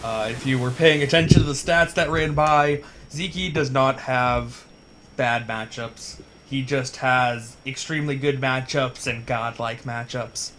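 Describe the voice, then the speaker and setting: A man's voice: medium pitch, measured pace, a bit bright, a little hiss or hum, low-quality recording. A young man commentating a strategy game match casually, laughing easily and joking at his own expense. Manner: laughs easily, self-deprecating. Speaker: esports caster.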